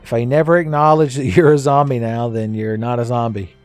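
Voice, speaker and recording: A man giving casual, joking commentary while playing a game, his voice a little raspy today and often breaking into laughs at his own asides. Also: mid-range voice, steady tone, a little fast, a little mellow, soft background music. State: slightly raspy voice. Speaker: gaming commentator. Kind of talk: casual let's-play commentary.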